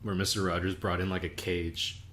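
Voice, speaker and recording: This podcast co-host has a low-sitting voice and a moderate pace. Chatting casually, he tells animated stories, laughing a lot and swearing freely.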